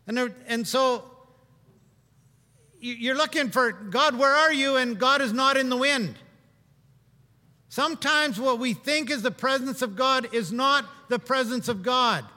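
A man preaching a sermon in a conversational, humorous way, swinging between loud and hushed. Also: very high-pitched, unhurried, pauses often, long reverb tail.

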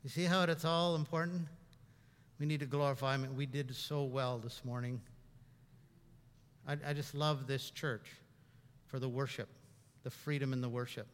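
A man's voice: medium pitch, steady tone, moderate pace, pauses often, big-room sound. A middle-aged man from Canada, a pastor preaching a conversational sermon in a church, often repeating words and rising for emphasis. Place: church sanctuary.

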